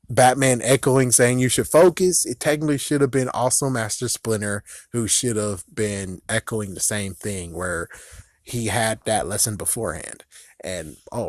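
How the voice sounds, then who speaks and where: A man chatting through a movie review in a casual, excitable way, laughing often and swearing now and then. His voice sits at an ordinary middle pitch. The sound is dry and close, with no room around it. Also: no room sound.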